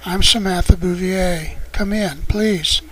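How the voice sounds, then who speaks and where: A man voicing an anxious, apologetic young woman in an audiobook, talking in rushed runs of words. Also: high-pitched, steady tone, a bit bright, full character voice, poor audio.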